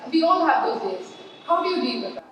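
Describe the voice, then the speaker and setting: A woman's voice: sits high, big pitch swings, quick pace. A young woman asking a question from the audience, nervous and hesitant. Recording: distant roomy hall mic with crowd noise.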